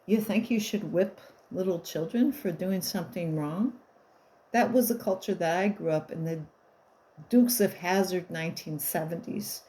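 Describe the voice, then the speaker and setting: A woman's voice: on the low side, moderate pace, warm tone, rough recording. Wry, rambling woman in her fifties. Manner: rambling, wry, blunt with profanity. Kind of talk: casual storytelling monologue.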